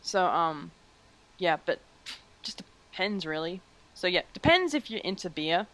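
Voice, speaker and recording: A woman's voice: lowish voice, big pitch swings, unhurried, fairly bright tone, rough recording. A young Australian woman with an Australian accent, chatting as an interviewee, joking, swearing freely and laughing often. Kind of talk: casual chat.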